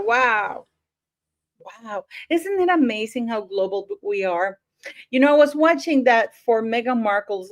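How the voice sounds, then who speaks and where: Female livestream host, fairly high pitch, slow easy delivery, chatty with viewers. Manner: chatty, greets viewers by place, many fillers. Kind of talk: casual livestream chat.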